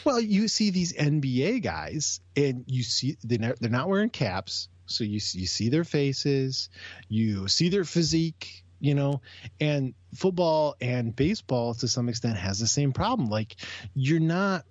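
A man's voice: mid-range voice, big pitch swings, a little slow, no room sound, highs cut off. A man co-hosting a sports podcast in a casual, jokey chat, often breaking off mid-sentence. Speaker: podcast co-host.

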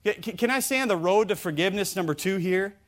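Animated high-voiced male preacher. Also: quick pace. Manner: animated, stammering restarts, acts out quoted voices. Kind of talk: sermon.

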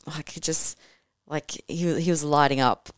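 A woman telling her birth story as a podcast guest, animated and casual, swearing freely and acting out what she said at the time. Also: low voice, a little slow, smooth, dry recording, clean studio sound. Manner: animated, swears casually, acts out her own past words.

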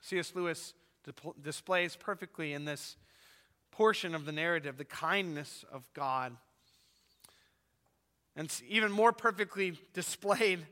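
Pastor, male, high bright voice, dramatic storyteller, long reverb of a church. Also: unhurried. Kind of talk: sermon with expressive reading aloud.

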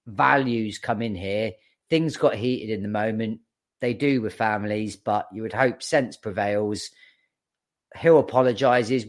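A man co-hosting a casual sports podcast, forthright and sweary, arguing his point. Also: lowish voice. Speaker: podcast co-host.

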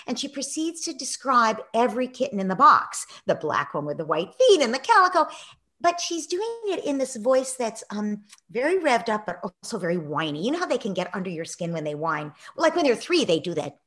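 A middle-aged woman tells a story with an animated, lively pitch, swinging widely in her voice. She acts out the other people in her story, then drops to a soft, hushed near-whisper in reflective moments. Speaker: guest, parenting author. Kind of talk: storytelling in a conversation.

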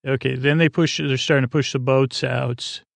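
Gravelly man rambling through a recap. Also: mid-range voice, steady tone, normal speed, dry recording. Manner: rambling, filler-heavy retelling. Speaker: podcast host. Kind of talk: casual episode recap.

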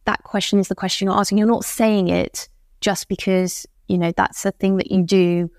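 This woman speaks at a mid-range pitch and explains things fluently as a podcast guest, acting out little snippets of other people's speech as she goes. The recording is close and dry, with no room sound. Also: flat delivery, normal speed, darkish tone, no echo. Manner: articulate, explanatory, acts out quoted speakers. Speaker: think tank policy expert, guest. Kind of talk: podcast conversation.

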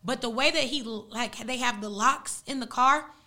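Bright-voiced young woman telling a story. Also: fairly high pitch. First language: Arabic. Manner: animated, slangy, fast retelling. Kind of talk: casual storytelling.

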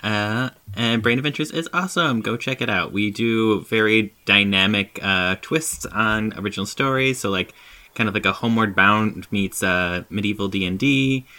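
Guest podcaster, bright voice, mid pitch, upbeat promo patter. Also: moderate pace. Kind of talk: casual plug for podcasts.

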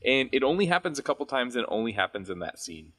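A man co-hosting a podcast, chatting casually and telling stories with animated asides. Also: mid-range voice, fast talker, slightly rough. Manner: chatty, animated storytelling with laughs. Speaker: podcast co-host. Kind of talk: casual chat.

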